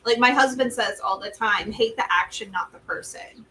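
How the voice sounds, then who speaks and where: A young woman co-hosting a live stream talk show, telling a story in an animated way and laughing often. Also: on the high side, moderate pace. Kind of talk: casual conversational chat. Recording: distant mic, faint room noise.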